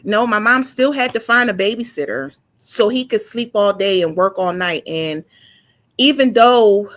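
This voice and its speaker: A woman in her forties telling a painful personal story, halting and emotional, with frequent restarts and repeated words. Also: medium pitch, animated, a bit bright. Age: 40s. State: emotional, close to tears. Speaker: guest sharing her story.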